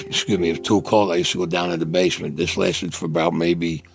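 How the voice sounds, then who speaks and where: A man's voice: low-pitched, level tone, fast talker. A man, telling his war stories bluntly in an interview and acting out the dialogue. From Brooklyn, New York. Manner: gruff, blunt street talk, acts out dialogue. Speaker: interviewee, Vietnam veteran. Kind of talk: storytelling interview.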